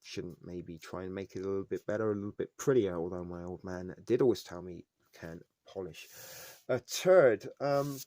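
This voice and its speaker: Middle-aged man, low-voiced live stream host, rambling and jokey, dry close sound. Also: moderate pace, dark tone, no echo. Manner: rambling, joking, full of fillers and tangents. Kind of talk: casual live stream chat.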